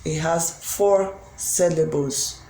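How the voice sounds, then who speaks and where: An English tutor giving a recorded grammar lesson, slow and deliberate, spelling out letters and pausing on frequent ums. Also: mid-range voice, mellow. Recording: roomy echo with faint background hum.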